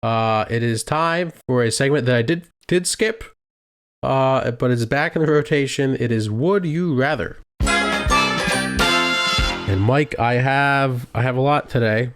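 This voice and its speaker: A man's voice: mid-range voice, slow, over music. A young man co-hosting a casual podcast, steadily leading the topics and asking his co-host questions. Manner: steady, leads the segments, asks questions. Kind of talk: casual chat.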